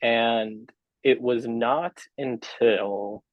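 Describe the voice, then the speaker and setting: A man's voice: medium pitch, fairly even intonation, drawn-out words, no room sound, muffled recording. A young man as a podcast guest, talking casually and rambling with lots of fillers and restarts. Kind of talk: casual interview chat.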